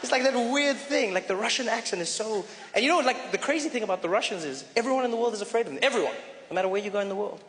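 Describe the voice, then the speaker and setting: High-voiced stand-up comic in a theater. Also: male voice, rapid-fire. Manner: animated, storytelling, pitch jumps for emphasis. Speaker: stand-up comedian. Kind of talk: stand-up comedy routine. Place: theater stage, live audience. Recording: reverberant live theater with audience noise.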